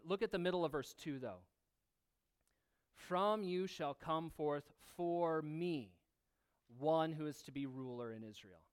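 A man's voice: on the high side, clean tone. A man preaching a sermon, earnestly reading scripture aloud and drawing on everyday examples. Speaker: pastor.

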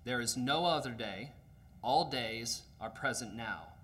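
A man reading aloud and voicing a calm, firm male angel who presses his question slowly. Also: mid-range voice. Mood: stern. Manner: slow, insistent, repeating questions.

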